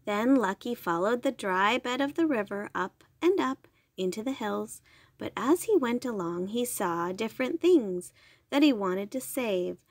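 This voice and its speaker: A woman reading a bedtime story aloud, slowly and gently. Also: medium pitch, dry recording. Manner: slow, gentle, clear.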